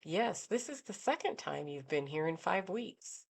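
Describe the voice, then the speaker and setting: A man's voice: high-pitched, sing-song, unhurried, gravelly, voice pushed up, heavily acted. A woman voicing an earnest, talkative male veterinarian who speaks eagerly.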